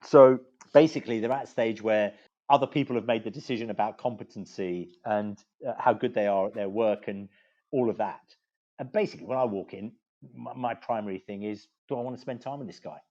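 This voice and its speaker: An English man in his fifties, a law firm managing partner telling anecdotes as a podcast guest, animated and digressive with many restarts. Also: fairly low pitch, brisk. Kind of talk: anecdotal storytelling in conversation. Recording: dull lo-fi sound.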